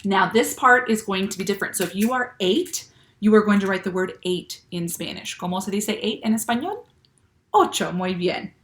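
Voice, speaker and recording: A woman teaching young children, speaking slowly and clearly and checking often with "okay?". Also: mid-range voice, animated, slight background noise. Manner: patient, slow and clear, with many "okay?" checks. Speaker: Spanish teacher. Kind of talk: classroom lesson for children.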